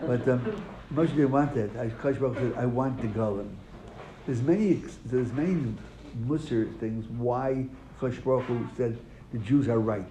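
A man's voice: medium pitch, moderate pace, warm tone. A man teaching a classroom lesson, asking his students questions and then answering them. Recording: echoey room, faint noise.

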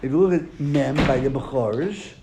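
A man's voice: medium pitch, normal speed. A man teaching a classroom lesson, asking his students questions and then answering them. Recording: echoey room, faint noise.

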